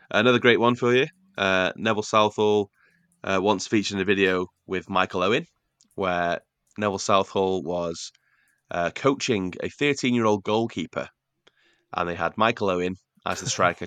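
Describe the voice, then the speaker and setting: A man's voice: low voice, a bit bright, no room sound. A young man from North Wales, a podcast co-host, telling football anecdotes in casual chat and acting out the quotes. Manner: storytelling, acts out quotes.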